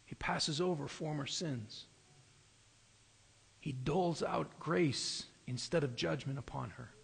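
A pastor preaching a sermon, explaining scripture in an earnest, steady way. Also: male voice, fairly high pitch, slow, gravelly, slightly rough. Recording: long reverb of a large hall.

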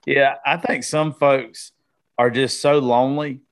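A man's voice: mid-range voice, steady tone, unhurried. A man in his thirties hosting a casual podcast, blunt and reflective, with some swearing.

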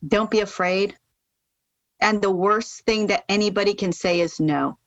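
American woman, animated storyteller, dry dull sound. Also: measured pace, no room sound. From United States. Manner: lively, rises sharply in pitch when fired up. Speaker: podcast guest, charity founder. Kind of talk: casual interview storytelling.

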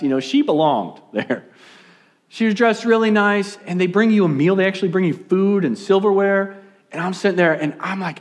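Male pastor, young adult, sermon delivery, animated, loud emphasis dropping to hushed asides, voice sits a bit high.

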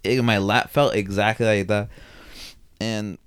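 A young man hosting a podcast, telling an animated story with lots of swearing and laughter. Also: lowish voice, a little slow, clean tone. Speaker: podcast host. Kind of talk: casual chat.

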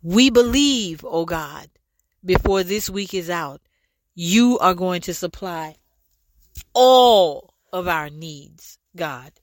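A woman leading a fervent spoken prayer, pleading and repeating lines, at times rising to shouts and speaking in tongues. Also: medium pitch, dry recording. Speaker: prayer leader.

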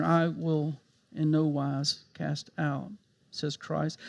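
A pastor with a high voice delivers a sermon. He drops to soft, quiet reassurance, then rises into emphatic, impassioned stretches, pressing each point. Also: little pitch movement, slow pace, vocal fry. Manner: impassioned preaching that swings from hushed to emphatic.

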